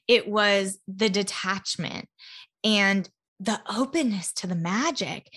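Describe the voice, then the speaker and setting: A woman's voice: mid-range voice, fairly bright tone. A woman talking casually and earnestly in a solo podcast monologue, chatty and spiritual, filling her speech with "like". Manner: chatty, heartfelt, spiritual, full of "like" fillers. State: emotional, near tears at times. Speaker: podcast host.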